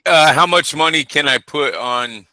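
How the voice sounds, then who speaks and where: A man's voice: on the high side, measured pace, bright, forceful tone, no room sound, rough recording. A man co-hosting a boxing talk show, chatting casually in an emphatic, teasing and opinionated way. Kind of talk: casual chat.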